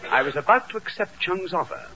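A man's voice: high-pitched, lively intonation, fairly quick, highs cut off, crowd noise. A man voicing a pompous middle-aged English barrister who narrates in a plummy, melodramatic way, on a hissy old radio recording.

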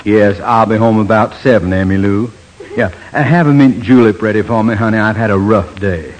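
A man's voice: lowish voice, moderate pace, slight background noise, natural voice, poor audio. A man playing a pompous colonel who runs a loan office, in a 1940s radio comedy. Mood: genteel. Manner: courtly, then indignant. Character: pompous southern colonel, loan manager, easily riled.

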